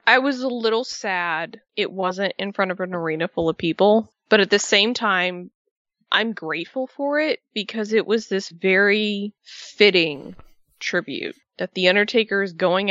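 A woman chatting casually as a wrestling podcast co-host, emotional and animated, with a swear here and there. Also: medium pitch, a little slow, no echo. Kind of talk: casual fan chat. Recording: dull lo-fi sound.

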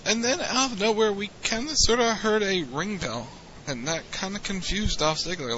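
Bright-voiced man recapping wrestling matches. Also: high-pitched, moderate pace, hardly any pauses, lo-fi sound. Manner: relaxed, teasing, recounts events play by play. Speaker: podcast host. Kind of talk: casual wrestling recap podcast.

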